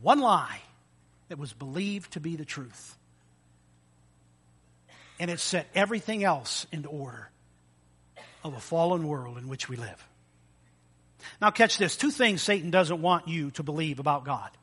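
Pastor, male, high bright voice, animated sermon delivery. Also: measured pace, pauses often, breathy edge. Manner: animated preaching with acted-out voices and sound effects.

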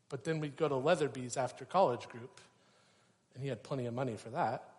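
A young man preaching a sermon, telling a personal story with animated, acted-out quotes. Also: mid-range voice, brisk. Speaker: pastor. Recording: reverberant hall.

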